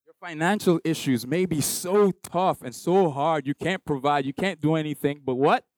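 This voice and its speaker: A young man preaching a sermon at a baptism service, repeating short phrases and building to loud, emphatic peaks. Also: fairly high pitch, normal speed, no echo. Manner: rhythmic repetition, rising to loud emphatic peaks. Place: church hall with a congregation of about two hundred.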